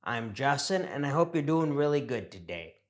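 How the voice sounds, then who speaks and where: A man's voice: mid-range voice, very animated, moderate pace. A young man teaching an English pronunciation lesson, speaking carefully and encouragingly and drawing out example words for learners to repeat.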